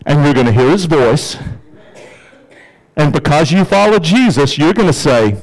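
A man preaching a sermon as pastor, in a conversational, emphatic way, with sudden rises in pitch for emphasis. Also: animated, normal speed, long pauses, rough recording.

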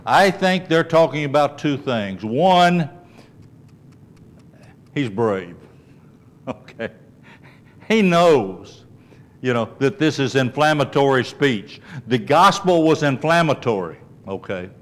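A man's voice: mid-range voice, animated, slow, pauses often. A man teaching a conversational Bible lesson, explaining and often checking in with the class, thinking aloud with restarts. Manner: explains and asks the class, with frequent checks of "okay?".

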